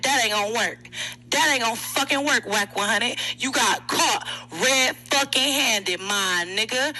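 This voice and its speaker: A woman rants in a live audio room, loud and profane, taunting the man she's arguing with. Her voice sits high and bright and cuts through. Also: poor audio. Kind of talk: heated argument and ranting.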